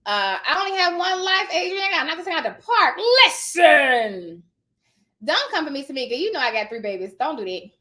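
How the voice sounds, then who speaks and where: A woman's voice: high voice, big pitch swings, moderate pace, sharp tone. A woman in her thirties hosting a live stream, giving emphatic motivational advice straight to her viewers in a casual way. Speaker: live-stream host and notary coach.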